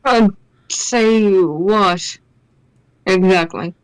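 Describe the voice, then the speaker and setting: A woman's voice: mid-range voice, drawn-out words, clear, resonant tone, dry recording, poor audio. A woman playing a tabletop game, talking in a dry, skeptical way. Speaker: player.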